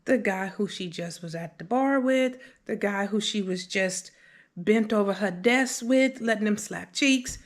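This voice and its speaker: A woman with a medium-pitched, unhurried voice vlogs from her home kitchen, filming on a handheld phone camera as she cooks. She's chatty and animated, talking straight to viewers while telling stories.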